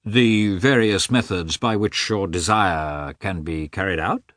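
A man voicing a sly, smug lawyer who speaks smoothly and courteously. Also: low voice, unhurried, a bit bright, no echo, studio quality.

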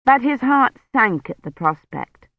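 Even-paced novel narrator, mid pitch, dry muffled recording. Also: a little slow, vocal fry, dry recording. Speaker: audiobook narrator. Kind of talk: scripted narration.

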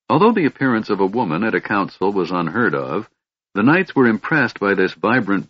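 Male fantasy narrator, measured and expressive, low voice, dry close sound. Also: breathy edge, no echo. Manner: measured storytelling. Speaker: audiobook narrator. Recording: dull lo-fi audiobook recording.

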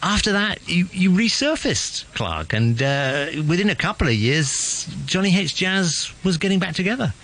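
A man's voice: high voice, big pitch swings, moderate pace, few pauses, a bit bright. A man hosting a radio interview, giving short affirmations and prompts to his guest. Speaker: radio host.

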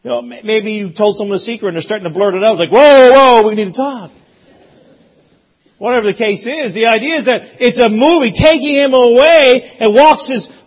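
A man preaching a sermon as pastor, emphatic and repetitive, rising to loud peaks. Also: extremely high pitch, brisk, few pauses, rough recording. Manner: emphatic, repeats phrases, rises to loud peaks.

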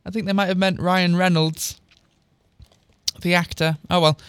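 A man's voice: high voice, flat delivery, moderate pace, a bit bright, clean tone, no room sound. A young man doing a sarcastic dramatic reading of amateur fiction, stopping to mock its typos and plot. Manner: sarcastic, interrupts to comment on typos. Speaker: reader of amateur fan fiction. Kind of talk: mocking dramatic reading with asides.

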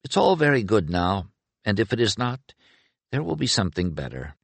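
A calm, faraway prisoner, voiced by a male narrator, speaking softly and thoughtfully. His voice is low and quiet, and the recording is dry and close. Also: moderate pace, creaky, husky, dry recording, exaggerated voice. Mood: pensive. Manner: pensive, soft.

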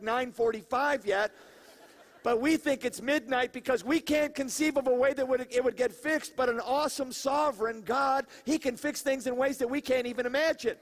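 Animated high-voiced man preaching. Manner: animated, laughing asides, questions to the crowd. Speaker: pastor. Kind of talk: conversational sermon.

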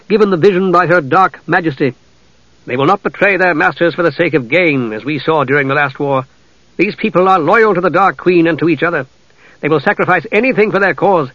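Man doing earnest male warrior, urgent pleading, raised pitch, dull dry recording. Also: a bit bright, no echo. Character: grave male warrior warning stern knights.

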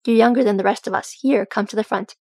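A woman's voice: medium pitch, steady tone, fast talker, mellow, no echo, studio quality, lightly acted. A woman voicing a proud, grieving dwarf noblewoman with a tight, restrained manner in a storybook reading. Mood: startled.

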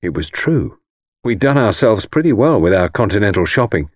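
A man reading a first-person novel aloud in a measured, wry, conversational manner. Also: lowish voice, sing-song, no room sound, clean studio sound. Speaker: audiobook narrator.

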